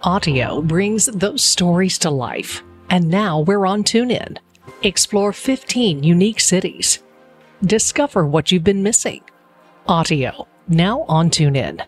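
A narrator reading a measured, evocative promo script. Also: mid-range voice, animated, faint music behind.

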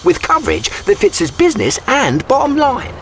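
An eager, earnest ad spokesman whose pitch leaps and dips all over. A faint hiss runs under the voice. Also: wildly swooping pitch, normal speed, creaky, a bit bright, full character voice. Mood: nervous. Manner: earnest, easily flustered. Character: eager chatty male insurance spokesman. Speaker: insurance ad spokesman. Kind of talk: scripted comedic ad dialogue.

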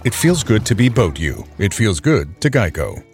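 A man reading scripted insurance ad narration in a calm, measured way. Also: on the low side, soft background music. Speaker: announcer.

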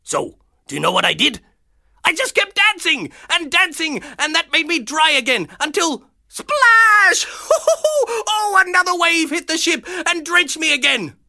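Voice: very high voice, big pitch swings, measured pace, sharp tone, exaggerated voice. A performer playing a boisterous, jolly male pirate captain with a hearty pirate accent, telling a story on a children's show. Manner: boisterous, hearty, laughs often.

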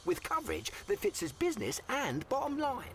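A woman's voice: sits high, wildly swooping pitch, fairly quick, creaky. Lady doing a job-site ad spot, really bouncy delivery, noisy outside. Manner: nervous about heights, laughing. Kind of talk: scripted ad dialogue. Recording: outdoor ambient noise.

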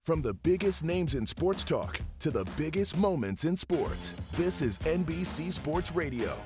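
A man reading a punchy, energetic sports radio promo. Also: a little high, measured pace, music in the background. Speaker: announcer.

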